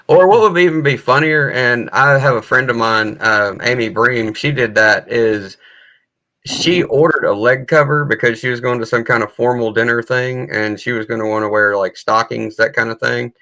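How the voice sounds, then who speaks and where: A man with a gravelly, bright voice chats on his livestream. He is laid-back, swears freely and tells stories with animated energy. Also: medium pitch, moderate pace. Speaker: livestream host. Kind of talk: casual livestream chat. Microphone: video call setup.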